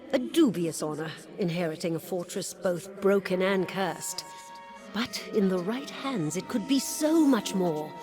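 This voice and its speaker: A woman voicing a mournful female castle steward in a fantasy game, speaking in measured, formal sentences. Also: lowish voice. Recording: game audio with music underneath.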